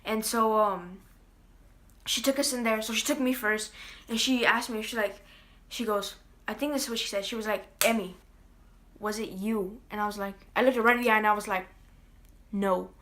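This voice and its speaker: A woman's voice: mid-range voice, steady tone, fairly quick, a bit bright, slight background noise. A young woman telling a personal story in a casual vlog, rambling with lots of fillers, earnest. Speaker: vlogger.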